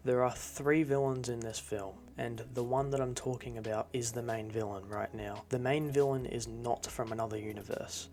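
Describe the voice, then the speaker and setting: A young man giving a rambling, earnest update on his fan film, talking straight to his viewers with lots of fillers. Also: medium pitch. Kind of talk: casual direct-to-camera update.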